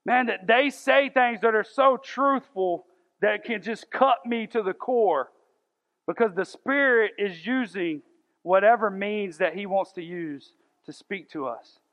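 A man's voice: sits high, measured pace, a bit bright. A man in his thirties preaching a conversational sermon to a church congregation, asking the room rhetorical questions. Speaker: pastor. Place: church sanctuary. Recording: dull sound with long hall reverb.

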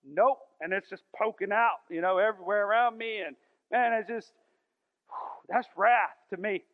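A man, preaching a folksy, emphatic sermon to a church congregation and slowing down for scripture. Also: high voice. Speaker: pastor. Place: large church sanctuary. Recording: thin phone-like sound in a reverberant hall.

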